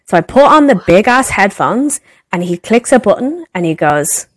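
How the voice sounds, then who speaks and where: A young adult woman co-hosts a podcast, telling a story in casual chat with an animated delivery, swearing freely as she acts out what people said. Her voice is mid-range at a normal speed, with no room sound.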